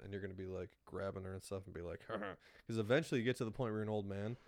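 A man's voice: deep voice, little pitch movement, very fast, hardly any pauses, a little mellow, dry recording. A young man co-hosting a podcast in casual chat, rambling with lots of fillers and frequent laughs. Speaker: podcast co-host.

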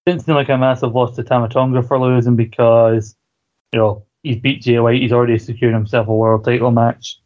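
A man's voice: mid-range voice, little pitch movement, fairly quick, a little mellow. A man co-hosting a podcast, chatting casually about wrestling, laughing often and swearing freely. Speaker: podcast co-host. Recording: dull lo-fi recording.

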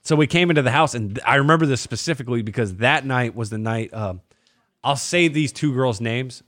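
A man's voice: medium pitch, brisk, dry recording, clean studio sound. A young man hosting a podcast, telling crude stories in casual chat and acting out what people said. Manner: profane, animated, acts out quotes. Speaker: podcast host.

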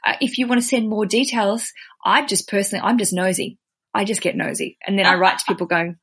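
A woman's voice: mid-range voice, fast, husky. Chatty Australian woman hosting a podcast. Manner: chatty, animated, self-deprecating. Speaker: podcast host. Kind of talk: casual podcast chat.

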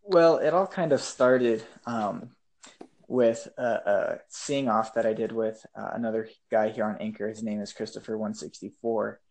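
A man's voice: fairly low pitch, normal speed, darkish tone, poor audio. A man chatting casually as a podcast guest, hesitant and full of ums and uhs. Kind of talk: casual chat.

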